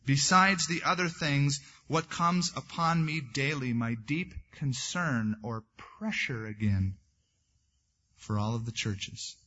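A man's voice: mid-range voice, takes it slowly, pushed and bright, dull audio. A man preaching a sermon as a pastor, reading scripture aloud and then breaking into conversational asides.

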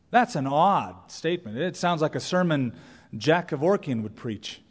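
Pastor guy preaching, kinda high voice, big church echo, lively and jokey. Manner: animated, playful asides and mock voices. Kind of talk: sermon. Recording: long church reverb.

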